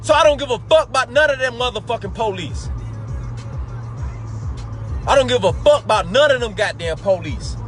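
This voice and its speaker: A man's voice: very high voice, animated, moderate pace, long pauses, a bit bright. A man hosting a live talk show, delivering an angry, profane commentary monologue and calling his listeners family. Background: faint background music.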